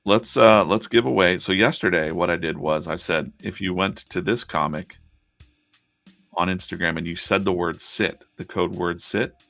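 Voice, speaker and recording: A man's voice: low voice, normal speed, gravelly, a bit bright, soft background music. A man hosting a casual live stream as a comic artist, chatting in a rambling way with many restarts.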